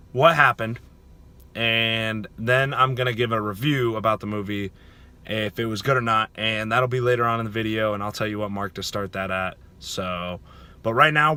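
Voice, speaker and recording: Man, casual video review, excitable, rambling, slangy, bright forceful tone, middle pitch. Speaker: YouTuber reviewing a movie. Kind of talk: casual spoken movie review.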